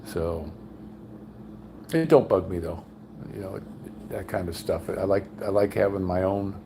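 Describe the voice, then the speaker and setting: A man's voice: a little slow, noisy background. An older man chatting casually on a livestream, telling folksy stories and acting out other people's lines in a raised voice. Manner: folksy storyteller, acts out quotes in a higher voice. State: undergoing cancer treatment. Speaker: vlogger. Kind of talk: casual rambling livestream chat. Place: home room with high ceilings.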